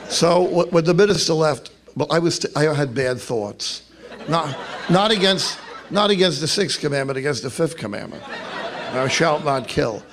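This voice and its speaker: A man's voice: a little high, expressive, normal speed. An older man, a priest, telling funny stories to an audience and slipping into voices for the people in them. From New York. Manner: storytelling with joking asides and put-on voices. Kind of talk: humorous talk to an audience.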